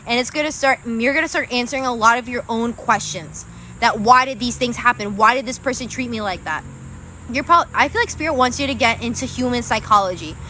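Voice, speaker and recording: A woman's voice: fairly high pitch, a little fast, pushed and bright, slight background noise. A young woman giving live-stream tarot readings, chatty and casual, swearing freely and calling her viewers guys and babe. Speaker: tarot reader.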